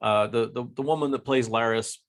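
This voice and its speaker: A man's voice: medium pitch, fairly quick. Rambling American man in casual chat. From United States. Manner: rambling, frequent fillers and restarts. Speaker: podcast co-host.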